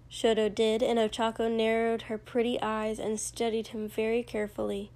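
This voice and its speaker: A woman narrating a fiction story aloud in a measured, expressive way. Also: fairly high pitch. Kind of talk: audiobook fiction reading.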